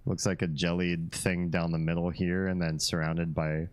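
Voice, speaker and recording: A man with a very low, deep voice talks easily with his live-stream audience. He is relaxed and chatty, reads out viewer comments and laughs often as he goes. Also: moderate pace.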